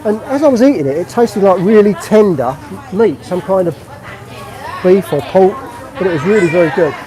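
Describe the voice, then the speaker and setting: A man's voice: high voice, lively intonation, normal speed, a crowd in the background, low-quality recording. A man from England chatting casually on a live stream while he walks through an outdoor market, explaining what he shows. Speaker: vlogger.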